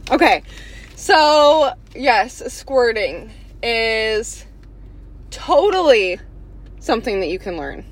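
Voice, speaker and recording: Chatty woman podcast host, slightly high. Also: sing-song, slow. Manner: candid, chatty, often says "y'all". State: slightly out of breath. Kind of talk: casual podcast chat.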